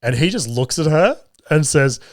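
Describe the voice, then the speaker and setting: A man's voice: a little high, lively intonation, moderate pace, no echo, clean studio sound. An Australian man in his thirties, hosting a podcast and telling family stories in a casual, sweary way, laughing often. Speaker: podcast host. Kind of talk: casual storytelling chat.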